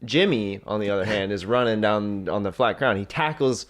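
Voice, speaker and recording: A man's voice: lowish voice, normal speed. A man co-hosting a comedy podcast, rambling through an improvised story with playful quoted dialogue. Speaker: podcast co-host.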